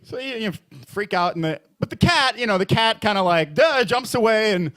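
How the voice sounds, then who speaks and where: A man emceeing a comedy open mic in a bar, with a fairly high voice that swings widely up and down. He rambles through his set with plenty of fillers and restarts, then dips low for pompous impressions and jumps high for mock outrage. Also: expressive, moderate pace, fairly bright tone. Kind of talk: stand-up comedy.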